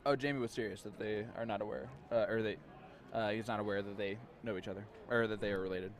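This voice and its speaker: A man doing live darts commentary in a chatty manner, quick to laugh. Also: fairly low pitch, steady tone.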